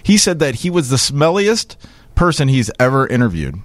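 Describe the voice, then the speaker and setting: A man hosts a relaxed podcast and spins a dating story, acting out each line of dialogue. His pitch swings widely as he tells it. He is recorded dry and close on the mic. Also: normal speed, dry recording. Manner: animated, acts out dialogue in a lively storytelling voice. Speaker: podcast host. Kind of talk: casual storytelling chat.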